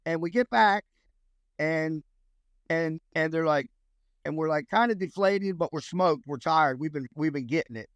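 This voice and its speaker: A man's voice: a little high, normal speed, clean tone, no echo. Rambling man telling war stories. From United States. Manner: rambling, with frequent restarts and acted quotes. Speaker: guest, former Army Ranger. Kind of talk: storytelling interview.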